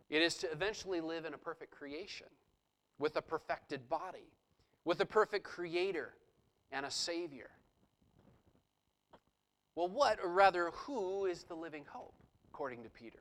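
A man's voice: on the high side, moderate pace, long pauses, fairly bright tone, low-quality recording. A man preaching a sermon, explaining a scripture passage verse by verse and reading passages aloud with rising intensity. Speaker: pastor.

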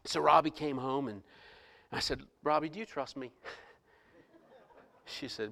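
A man's voice: on the high side, takes it slowly, creaky, long pauses, sharp tone, in a large hall. A middle-aged man, a pastor, telling a personal story to his congregation in a sermon, with frequent restarts and quoted dialogue. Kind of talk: sermon testimony. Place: church.

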